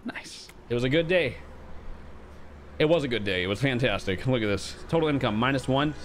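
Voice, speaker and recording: Young male streamer, frantic and sweary, pitch swinging all over, noisy home recording. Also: fairly quick. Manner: frantic, swings from mock-calm to high panicked yelps, swears a lot. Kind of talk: live gameplay commentary.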